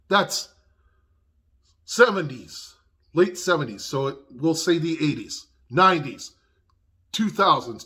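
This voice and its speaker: A man's voice: sits high, pushed and bright. Indignant, profane man ranting. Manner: profane, indignant, often raising his voice. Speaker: vlogger. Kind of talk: angry personal rant. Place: home garage.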